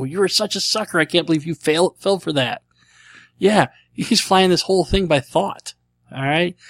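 A young man hosting his podcast in a casual, jokey, self-mocking way, full of quick asides. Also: mid-range voice, no echo. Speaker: podcast host.

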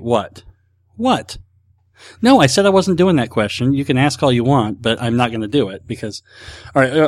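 A man's voice: mid-range voice, a little mellow, no room sound. A man hosting a casual podcast, rambling and self-deprecating as he reads listener questions. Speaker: podcast host. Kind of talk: casual solo podcast chat.

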